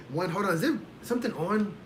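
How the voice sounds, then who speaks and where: There's slight background noise as a man with a high-sitting, fairly bright voice speaks at normal speed with lively intonation. He's hosting a casual home livestream reacting to fights, ranting exasperatedly right at his chat.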